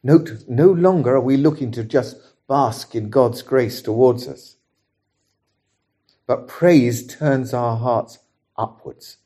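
A man preaching a sermon in a measured, earnest way, reading scripture aloud and leading the congregation in prayer. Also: mid-range voice, dark tone, breathy edge.

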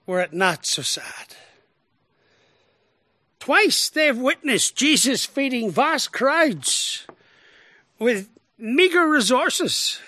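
A man preaching a sermon as pastor, expressive, with rhetorical questions, swinging from emphatic lines to hushed ones. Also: extremely high pitch, extremely slow, pauses often, dry recording.

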